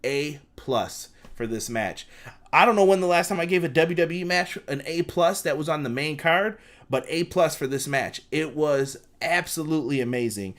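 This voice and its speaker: A young man reviewing a wrestling show in a casual, slangy way, excited and briefly acting out what the wrestlers said. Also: fairly high pitch. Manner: excited, slangy, acts out quotes in quick asides. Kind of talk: casual fan review recap.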